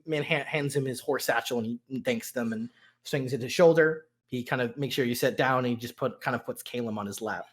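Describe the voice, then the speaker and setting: A man narrating a tabletop role-playing game as game master, hesitant and full of fillers. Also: medium pitch.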